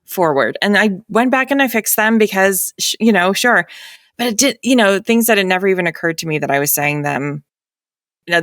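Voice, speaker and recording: Woman narrator, light New England accent, mid-pitched, dry close sound; talky and quick to laugh. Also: a bit bright, dry recording. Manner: chatty, laughs often, many fillers. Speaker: audiobook narrator. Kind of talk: casual panel chat.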